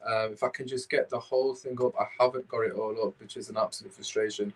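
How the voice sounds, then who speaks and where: A man's voice: fairly low pitch, fairly even intonation, quick pace, low-quality recording. A man hosting a casual podcast, rambling and restarting while he searches his phone. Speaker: podcast host.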